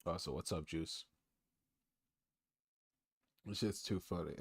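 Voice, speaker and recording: A man's voice: sits low, takes it slowly, gravelly, pauses often. A man streaming, reacting to a clip with mocking, sarcastic commentary.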